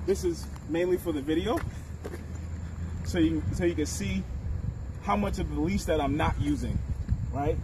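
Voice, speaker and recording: Dog trainer coaching outdoors, street noise. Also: male voice, a little high, moderate pace, long pauses, recorded from a distance. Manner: coaching, talks to the camera and praises the dog.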